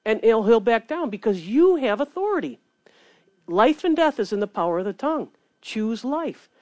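A woman preaching a sermon in an earnest, animated way, reading scripture between her points. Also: a little high, normal speed, dry recording.

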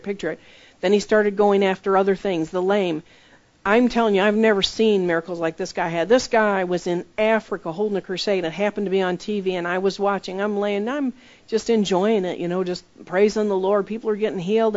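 A middle-aged woman preaching a sermon and leading a guided visualization, acting out voices in the story. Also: darkish tone. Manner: leads guided visualization, acts out quoted voices with rising pitch. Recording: dull lo-fi recording.

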